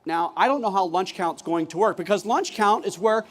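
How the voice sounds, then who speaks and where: A man giving a conference keynote, telling a classroom story in an animated way and acting out the dialogue himself. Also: high-pitched, moderate pace. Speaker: keynote speaker, former teacher. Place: large conference hall. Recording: long hall reverb.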